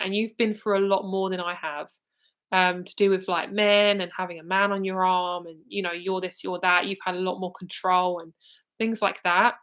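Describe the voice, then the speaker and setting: Doing a live psychic reading, a twenty-something woman with a British accent rambles casually, swearing, restarting and using fillers. Her voice sits in the mid range and comes across a bit bright.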